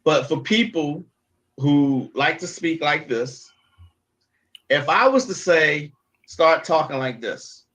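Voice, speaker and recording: A man's voice: fairly high pitch, expressive, takes it slowly, fairly bright tone. Emphatic man ranting on a livestream. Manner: emphatic, repeats points, mock-pompous jargon. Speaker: livestream host. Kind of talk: casual livestream rant.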